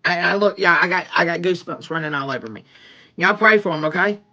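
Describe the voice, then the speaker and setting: A woman reading tarot on a live stream, excitable and exclaiming, talking to viewers as y'all. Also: lowish voice, quick pace, dull audio. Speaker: tarot reader.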